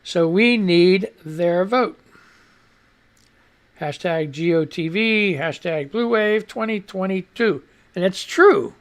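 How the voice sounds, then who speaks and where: A man's voice: high-pitched, slow, smooth. A man hosting a live radio stream, rambling through casual news commentary with frequent swearing, restarts and stumbles over his words. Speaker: radio show host.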